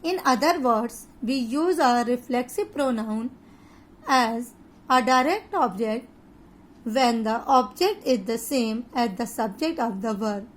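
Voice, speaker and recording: A woman with an Indian English accent teaching an online grammar lesson, explaining slowly and deliberately with pauses. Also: a little high, a little hiss or hum.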